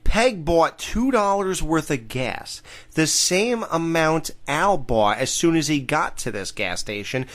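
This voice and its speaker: Man, podcast host, casual episode recap, slightly high pitch. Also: expressive, takes it slowly, fairly bright tone.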